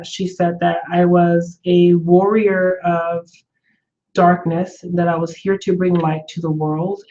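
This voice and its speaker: A woman's voice: on the low side, a little mellow. A woman vlogger telling a personal story in a casual, earnest way, rambling with frequent fillers and restarts. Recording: slightly dull lo-fi recording.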